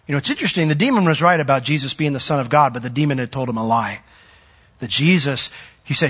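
Guy preaching a sermon, kinda husky, fairly high voice, swings loud then quiet. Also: a little fast, muffled recording. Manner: animated, dramatizes the demon's voice with sudden loud swells and soft drops.

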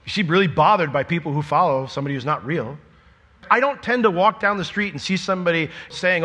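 A middle-aged man preaching a sermon, lively and joking, acting out imagined conversations before dropping to a quieter, earnest tone. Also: on the high side, quick pace, big-room sound. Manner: animated, jokey, acts out imagined dialogue.

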